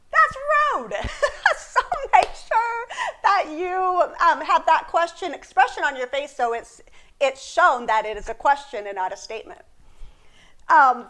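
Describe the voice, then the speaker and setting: A woman's voice: high-pitched, a bit bright. A woman teaching a beginner sign language lesson in a chatty, explaining way, with frequent laughs. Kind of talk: casual video lesson.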